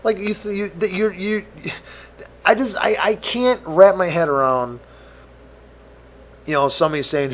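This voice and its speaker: A man's voice: high voice, normal speed, long pauses. A man hosting a podcast, ranting profanely and exasperated, acting out both sides of imagined conversations. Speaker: podcast host. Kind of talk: solo rant podcast.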